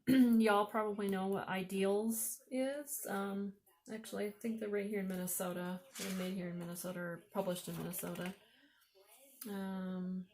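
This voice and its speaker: Woman vlogger with an Upper Midwest accent, slow and chatty, admiring her finds. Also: medium pitch, a little mellow, slight background noise. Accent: Upper Midwest American. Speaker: vlogger showing thrift finds. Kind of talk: casual show-and-tell.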